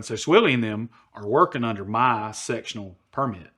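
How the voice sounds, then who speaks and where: Southern guy on a podcast, brash and loud about his story, acts out all the quotes. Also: lowish voice, lively intonation, moderate pace. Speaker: podcast guest. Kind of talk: casual storytelling.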